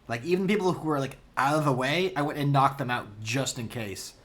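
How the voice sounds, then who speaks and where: A man's voice: mid-range voice, lively intonation, fairly quick, fairly bright tone. A man streaming a game, giving chatty, self-deprecating live commentary and laughing at his mistakes.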